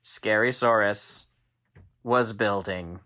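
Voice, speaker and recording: Slow animated storytelling dad. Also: male voice, lowish voice. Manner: animated, with sound effects and drawn-out pauses. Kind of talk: bedtime story told aloud to a child.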